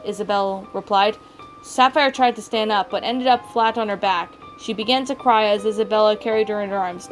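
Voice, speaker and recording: Lady reading creepypasta, trips on words, corrects herself, faint music behind. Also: mid-range voice. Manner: halting, frequent self-corrections. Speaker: story reader.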